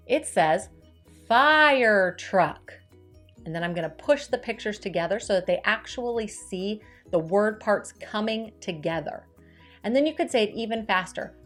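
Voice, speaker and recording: A woman's voice: mid-range voice, animated, a bit bright. Upbeat teacherly woman, faint music behind. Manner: clear, upbeat teacherly delivery with slow demonstrative stretching of words. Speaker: teacher giving tips to parents. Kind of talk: instructional video.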